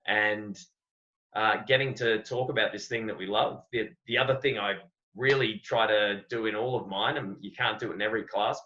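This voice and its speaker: A man's voice: fairly low pitch, sharp tone. An Australian man, a wrestling coach, speaking earnestly and reflectively as a podcast guest, often repeating words as he thinks. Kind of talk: podcast interview. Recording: dull lo-fi audio.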